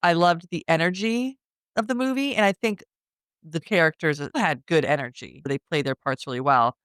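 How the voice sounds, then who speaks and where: A man's voice: on the high side, normal speed, a bit bright, smooth, dry recording, clean studio sound. A man co-hosting a podcast who adds short reactions and opinions while discussing a movie. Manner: short backchannels and opinionated comments. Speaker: podcast co-host.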